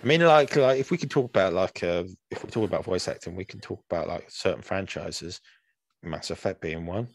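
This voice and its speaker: Man, very low voice, casual podcast chat, rambling with fillers and restarts, dry close sound. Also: brisk, vocal fry, no echo. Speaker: podcast co-host.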